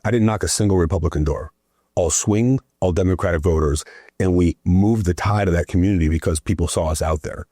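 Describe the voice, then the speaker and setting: A man's voice: sits low, fairly quick, dark tone, dry recording, clean studio sound. A man speaking as a political guest in a conversation, an emphatic storyteller who keeps asking "right?".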